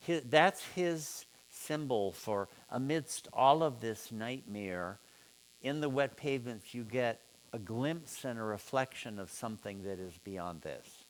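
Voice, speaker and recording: A man leading an informal seminar, musing aloud and putting questions to his students in a relaxed way. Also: mid-range voice, unhurried, a little hiss or hum. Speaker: seminar teacher.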